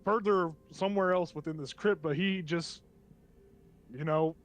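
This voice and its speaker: A man's voice: fairly high pitch, a little slow. A man narrating a tabletop game as game master, often chuckling and restarting as he goes.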